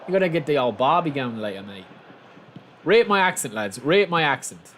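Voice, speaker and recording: A man's voice: fairly high pitch, very animated, moderate pace, fairly bright tone, slight background noise. A man putting on a joking mock-Australian accent to play a laid-back, barbecue-loving bloke. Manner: jokey, laid-back, exaggerated slang.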